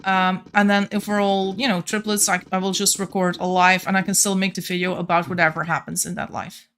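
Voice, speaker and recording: A Flemish woman from Belgium whose first language is Flemish, chatting casually with viewers on a game stream, a little monotone at times. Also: lowish voice, a little fast, slight background noise. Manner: a bit monotone at times, laughs often.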